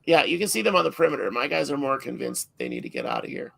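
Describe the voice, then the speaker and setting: A man hosting a casual livestream, relaxed, reading out viewer questions and moving between guests. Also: medium pitch, very fast, gravelly, breathy edge. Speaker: livestream host.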